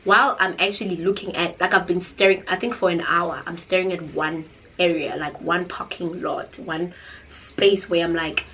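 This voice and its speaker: A young woman with a South African accent, telling a storytime tale in a dramatic, animated way. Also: on the low side, normal speed, rough recording. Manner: animated, dramatic, code-switching into Zulu. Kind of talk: casual storytime chat.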